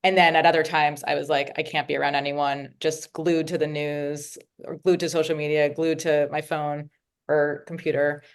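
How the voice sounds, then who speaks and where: A woman's voice: low-pitched, flat delivery, moderate pace, clear, resonant tone. A woman interview guest speaking reflectively and openly about her feelings in conversation. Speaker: guest, nonprofit CEO.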